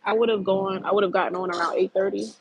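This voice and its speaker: A woman hosting a live stream, venting bluntly and profanely in a casual, animated rant about dating. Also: medium pitch, brisk, low-quality recording. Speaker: lifestyle channel host on a live stream.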